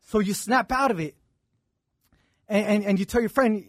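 A podcast co-host spins a spiritual parable in loose, casual talk, voicing each character as he goes. His voice sits high and a little husky. The mic is close and dry, with faint music in the background. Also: moderate pace, no echo. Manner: storytelling, acts out dialogue, repeats "right?". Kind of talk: casual chat, telling a parable.

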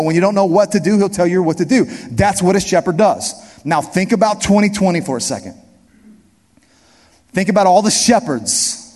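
A man's voice: high voice, a little mellow. A male pastor delivering an emphatic sermon, repeating key phrases and speaking straight to his congregation. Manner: emphatic preaching, repeats key phrases, addresses the crowd directly. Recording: long hall reverb.

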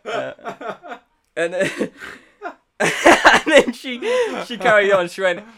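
A man, telling a story in casual comic chat, wry and self-deprecating, with deadpan quoted voices. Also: high voice, takes it slowly. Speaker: podcast co-host.

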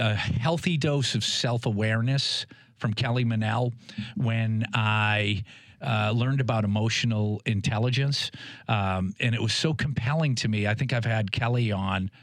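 A man's voice: fairly low pitch, no room sound, studio quality. A man in his fifties hosting a podcast, talking casually with frequent restarts. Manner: warm, halting, many restarts. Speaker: podcast host.

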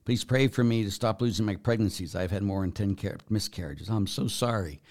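A man, a priest, answering viewer questions, who moves from quiet conversational reading to loud, emphatic preaching with repeated phrases. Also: lowish voice, brisk. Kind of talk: live Q&A, reading and answering messages.

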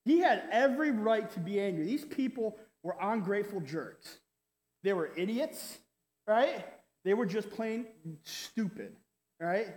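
A male pastor delivering a sermon in an animated, conversational way, peppering it with "right?" asides and mock quotes. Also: high-pitched, unhurried. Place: church hall. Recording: roomy hall with long reverb.

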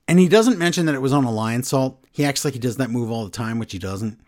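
A man hosting a casual wrestling podcast, recapping the show in excited, animated bursts. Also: mid-range voice, fairly quick. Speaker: podcast host.

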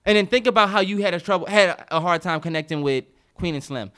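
A man's voice: sits high, quick pace, a bit bright, clear, resonant tone. A man co-hosting a podcast, riffing in casual chat with emphatic, profane opinions. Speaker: podcast co-host.

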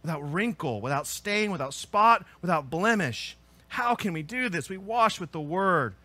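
A male pastor delivers a sermon in a high, bright and forceful voice. He preaches earnestly, building to emphatic peaks before sinking low. The sound is close and dry, with no room around it. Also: expressive, normal speed, no room sound. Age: adult with children.

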